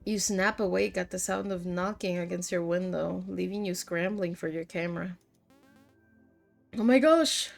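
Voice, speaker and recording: A woman's voice: fairly low pitch, little pitch movement, moderate pace, gravelly, hardly any pauses, soft background music. A woman streamer reading visual novel narration aloud in second person. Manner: reads narration in second person, breaks into laughs. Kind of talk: reading game text aloud.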